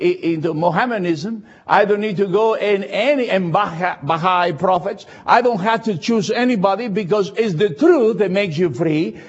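An older man delivers a sermon in slightly higher-than-usual, husky tones. He speaks slowly and deliberately in non-native English, drawing out scripture for emphasis. The recording is dull and lo-fi. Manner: deliberate, slows to stress scripture. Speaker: preacher.

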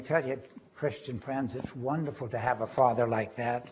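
A man preaching a sermon, quoting scripture and rising in pitch and force on key phrases. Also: fairly even intonation, moderate pace, hardly any pauses. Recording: dull lo-fi recording.

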